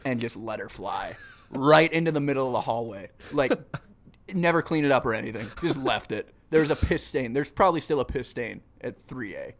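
A man's voice: medium pitch, animated, moderate pace. Laughing young guy telling stories. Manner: swearing, laughing storyteller. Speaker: podcast co-host. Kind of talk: casual chat.

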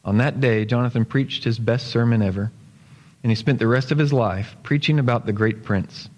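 A male pastor reading a story aloud in a sermon, with steady storytelling that slows for emphasis. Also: medium pitch, highs cut off. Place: church sanctuary. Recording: long church hall reverb.

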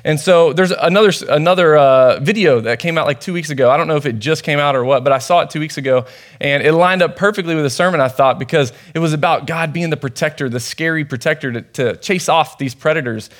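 A young man preaching a laid-back sermon at church with a slightly higher voice. He tells stories casually and leans on fillers and restarts as he goes. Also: fast. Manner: conversational, storytelling, many fillers. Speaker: youth pastor preaching.

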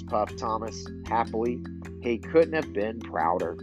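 A father reading a children's storybook aloud, slow with small slips. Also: fairly low pitch, very animated, music in the background. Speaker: father reading to his son.

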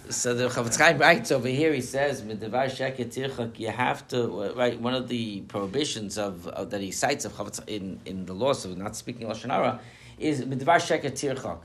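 A man, a rabbi, giving a lively Torah class to a live audience, joking and throwing out rhetorical questions, with Yiddish and Hebrew terms mixed in. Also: mid-range voice, moderate pace.

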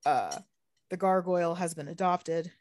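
A young woman co-hosting a podcast in casual chat, animated, swearing freely and laughing often. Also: on the low side, unhurried, background noise. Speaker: podcast co-host.

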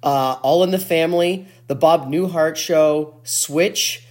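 A co-host on a casual podcast, interrupting with trivia and joking asides. The voice sits at a middle pitch and the talk stays loose and conversational. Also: slow pace. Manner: chatty, jumps in with trivia and asides.

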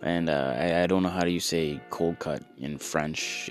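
A man with a very low voice tells a funny story in a loose, rambling way, often restarting his sentences. He mocks himself and drops sarcastic, profane asides. Faint music sits underneath. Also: steady tone, normal speed. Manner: rambling, self-mocking, frequent restarts. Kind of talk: casual comedic storytelling.

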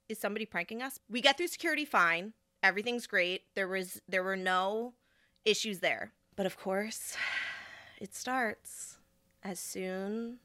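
A young woman hosts a podcast and tells a story in a casual, animated way. Her bright voice swings widely in pitch as she acts out the people she met. The sound is dry and close to the mic. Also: no echo. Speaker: podcast host.

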